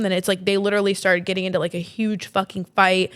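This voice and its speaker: A woman's voice: medium pitch, little pitch movement, quick pace, fairly bright tone, smooth, no room sound. A woman in her twenties, a podcast host, telling a story in a chatty way full of "like" and swearing. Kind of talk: casual storytelling.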